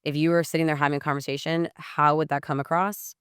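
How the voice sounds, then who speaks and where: Woman, podcast guest, casual and blunt, lots of "like", smooth clear voice, dry close sound. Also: low-pitched, fast, no room sound. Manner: blunt, swears freely, heavy use of "like"; acts out messages in lively quoted voices. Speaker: podcast guest, sales coach. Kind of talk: casual podcast interview talk.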